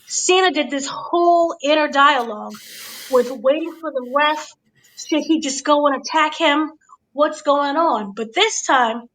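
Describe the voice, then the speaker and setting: High-voiced woman recapping wrestling. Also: a little hiss or hum, rough recording. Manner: animated, acts out quotes. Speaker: host.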